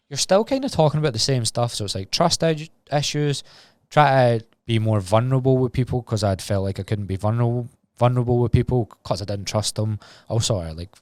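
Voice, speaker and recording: A man's voice: lowish voice, darkish tone, clean tone, no echo, studio quality. A Scottish man in his twenties talking candidly and rambling on a solo podcast, swearing freely. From Scotland. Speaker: podcast host.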